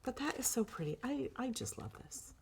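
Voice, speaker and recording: A woman's voice: a little high, huge pitch swings, moderate pace, vocal fry, a little mellow, slight background noise. A woman hosting a craft livestream, chatting casually with viewers, gushing over her projects with fillers and restarts.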